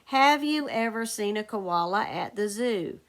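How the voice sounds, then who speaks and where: This is a woman teaching phonics in a recorded video lesson. Her voice sits at an ordinary middle pitch, and she speaks slowly and carefully. She dictates sentences deliberately and spells words out one letter at a time. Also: lively intonation.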